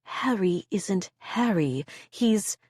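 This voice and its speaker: A woman's voice: medium pitch, lively intonation, takes it slowly, breathy edge, no room sound, clean studio sound. Woman putting on a whispering scarred doctor, country accent. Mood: urgent whisper. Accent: thick country accent. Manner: loud false cheer, then hushed urgent whispers. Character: tense scarred woman doctor, urgent and secretive.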